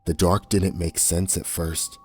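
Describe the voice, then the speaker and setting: Deep, husky male horror narrator. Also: level tone, darkish tone. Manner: somber, measured reading. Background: faint music.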